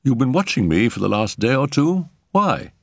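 A man's voice: medium pitch, big pitch swings, moderate pace, creaky, no echo, studio quality, voice pushed up. A man voicing an agitated, earnest young man who fears he is losing his mind, in a storybook reading. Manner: tense, pleading, insistent. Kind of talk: audiobook character reading.

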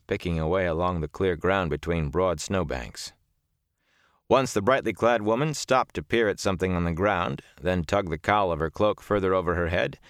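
A man narrating a fantasy audiobook in a measured, steady storytelling manner. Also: deep voice, no echo, clean studio sound.

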